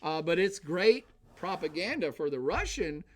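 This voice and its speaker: A man giving a casual livestreamed lecture, answering chat with lively, conversational asides and frequent restarts. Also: on the high side, normal speed. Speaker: lecturer and streamer.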